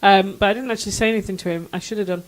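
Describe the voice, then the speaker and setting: Low-key easygoing chat partner. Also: steady tone, racing. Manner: low-key, short replies, mild and easygoing. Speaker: podcast co-host. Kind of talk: casual chat.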